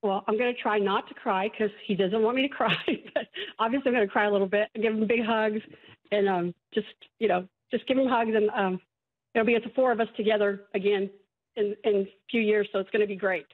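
A mother being interviewed by phone on the news, talking quickly with some fillers. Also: mid-range voice, steady tone. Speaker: mother of a released prisoner. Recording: tinny phone line.

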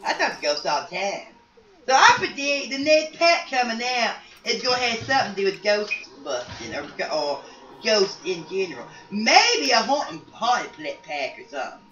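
A woman's voice: mid-range voice, very animated, a little fast, sharp tone. A woman playing a rambling psychic grandma. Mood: chatty. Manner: rambling, folksy, repeats and restarts words. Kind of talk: in-character storytelling for a life-sim game. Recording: roomy, distant, dull sound with faint noise.

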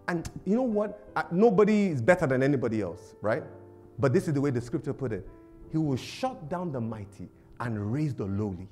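A man preaching a sermon as a pastor, animated and humorous, laughing often and acting out little voices. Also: medium pitch, fairly quick, faint music behind. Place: church service.

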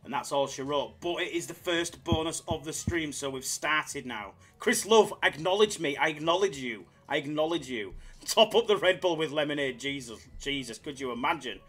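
A man's voice: on the high side, moderate pace, a bit bright. A man streaming slots live, bantering with chat in a jokey, hyped-up way. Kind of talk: casual live-stream chatter.

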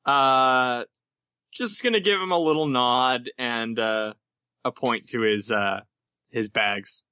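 Bright-voiced hesitant man at a game table. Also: mid-range voice, takes it slowly, clean tone, no echo. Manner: hesitant, many ums and uhs. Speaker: player. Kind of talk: playing a tabletop game over voice chat.

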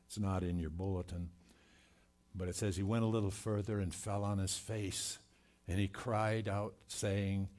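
A man preaching a sermon in a church, reading scripture and commenting with slow, earnest emphasis. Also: low voice, level tone, darkish tone. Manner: slow, earnest delivery with scripture read aloud and dramatic quoted cries. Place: church sanctuary.

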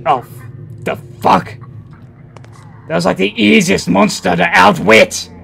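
A man's voice: high-pitched, a little slow, vocal fry, slight background noise. A man doing profane, joking let's play commentary while playing a horror game. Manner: crude, loud, profane joking. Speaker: gaming channel host.

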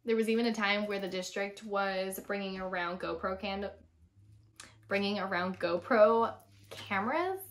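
A woman's voice: medium pitch, a little slow, slight background noise. A woman in her thirties, a former teacher, talking candidly and chattily in a personal vlog, telling stories frankly and with feeling. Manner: frank and emotional.

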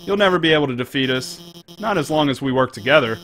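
A man voicing a nervous female lizard scientist in a video game, talking in a hurried, eager way. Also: on the high side, expressive, fairly bright tone, slight background noise.

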